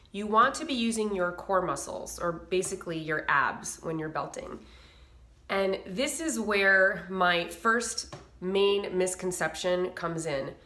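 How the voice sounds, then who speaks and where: Bright-voiced woman vocal coach, echoey room. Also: fairly low pitch. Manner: explains with sung demos and nasal sound effects. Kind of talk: singing lesson to camera.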